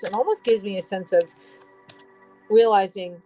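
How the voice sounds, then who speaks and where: A woman's voice: medium pitch, normal speed, pauses often, music in the background, low-quality recording. A woman giving a casual tarot reading, rambling and restarting, swearing now and then. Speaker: tarot reader.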